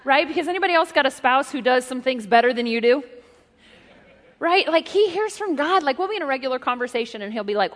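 A middle-aged woman preaching a sermon, an animated and joking storyteller who speaks straight to her congregation. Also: sits high, fast talker. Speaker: pastor. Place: church hall. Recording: reverberant hall.

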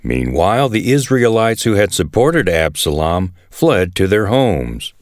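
A man reading a Bible passage aloud in an expressive storytelling way. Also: sits low, unhurried, no room sound, studio quality. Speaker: Bible reader. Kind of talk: scripted scripture reading.

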